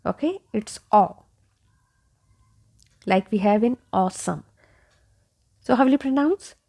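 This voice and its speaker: Woman teaching how to say english words, real slow, bit of vocal fry, keeps saying okay. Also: a little high, animated, warm tone. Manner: repeats each word several times, asks 'okay?'. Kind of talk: slow pronunciation lesson.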